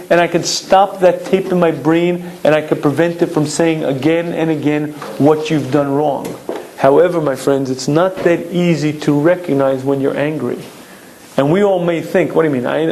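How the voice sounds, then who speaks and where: Throat-clearing man giving a Torah lecture. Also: a little high, a little mellow, a little hiss or hum, poor audio. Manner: clears throat often, emphatic and explanatory.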